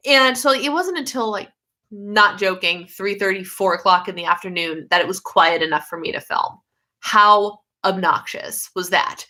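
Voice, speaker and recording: A woman's voice: mid-range voice, expressive, unhurried, bright, forceful tone. A woman hosting a casual livestream, chatty and easily sidetracked, with lots of fillers. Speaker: YouTube livestream host.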